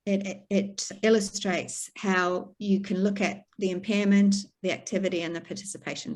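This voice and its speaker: A woman's voice: mid-range voice, a little mellow. A middle-aged woman from New Zealand, a speech pathologist, giving an online talk to a stroke support group in a plain, practical way with fillers and restarts, over a video call.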